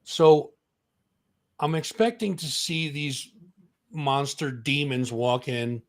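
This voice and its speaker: A man with a mid-range voice speaks slowly while co-hosting a music talk show. In casual chat he tells a story, acting out the voices of the people in it.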